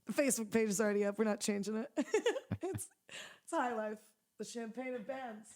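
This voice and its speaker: A woman's voice: fairly high pitch, a little fast, a little mellow. A young woman musician chatting in an interview, rambling with lots of "like" fillers and frequent laughs. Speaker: musician guest. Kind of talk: casual interview chat.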